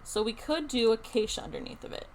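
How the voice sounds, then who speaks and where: A young woman streamer chats excitedly as she builds in a game, thinking out loud to her viewers. Her voice sits a little high, and faint keyboard typing and room noise run underneath. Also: quick pace, vocal fry. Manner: chatty, excitable, thinks aloud. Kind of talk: casual live-stream chat while playing a building game.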